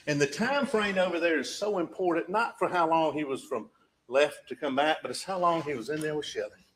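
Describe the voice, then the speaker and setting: Emphatic prosecutor, higher voice. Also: male voice, fairly quick, fairly bright tone, a little hiss or hum, low-quality recording. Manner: emphatic, repeats points, rhetorical questions. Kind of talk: courtroom closing argument. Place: courtroom.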